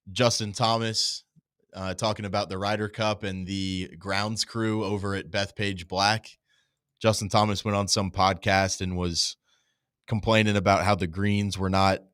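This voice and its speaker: A laid-back man co-hosting a sports talk show, with a lowish, smooth and resonant voice. He chats casually and reads statements aloud, recorded dry and close to the mic. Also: a bit bright, no room sound.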